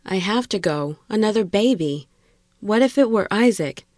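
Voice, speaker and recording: A woman voicing a weary, grieving father who mutters in low, curt lines. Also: animated, moderate pace, darkish tone, no room sound, studio quality, lightly acted. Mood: determined.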